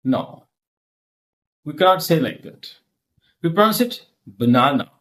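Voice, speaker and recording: A middle-aged man, teaching slowly and repeating himself, often asking if the listener follows. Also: on the high side, sing-song, fairly bright tone. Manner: slow, repetitive, checks understanding often. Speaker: English lecturer. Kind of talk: classroom-style teaching.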